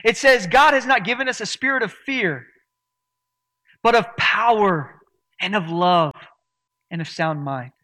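A man's voice: sits high, a little slow, long pauses, pushed and bright. A man preaching a sermon to his church in an earnest, emphatic way. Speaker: pastor.

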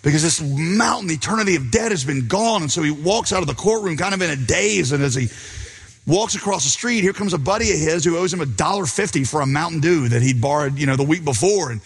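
A man's voice: fairly high pitch, animated, fast, breathy edge. A man preaching a sermon, telling a story and acting out its characters' lines. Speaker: pastor. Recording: long hall reverb.

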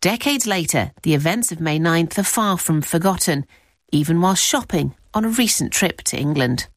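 A woman reporter reading scripted narration in a measured, even way. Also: lowish voice, no room sound, clean studio sound.

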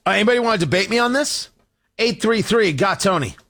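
A man's voice: sits high, expressive, fast, sharp tone. A man hosting a political talk show, delivering a combative, sarcastic monologue.

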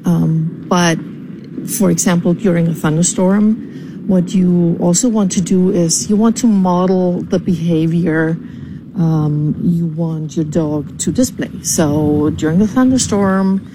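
A woman from California leaving a measured, deliberate voicemail for a podcast, with many pauses and ums. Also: fairly low pitch, background noise. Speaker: caller.

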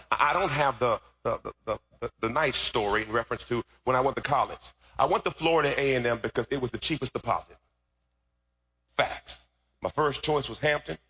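A man preaching a sermon as pastor, shifting from easy storytelling into loud, shouted preaching. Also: medium pitch, slightly rough.

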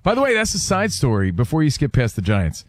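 A man's voice: medium pitch, wildly swooping pitch, brisk. A man hosting a sports talk show, steering the segment in a laid-back way. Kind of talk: lively sports radio banter.

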